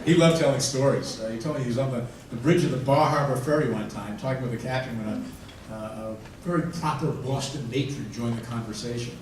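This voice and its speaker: Older rabbi comedian in an echoey hall. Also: male voice, mid-range voice. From United States. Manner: dry joke-telling with punchline pauses. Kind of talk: stand-up comedy. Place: large hall with audience. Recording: echoey hall from far off, room noise.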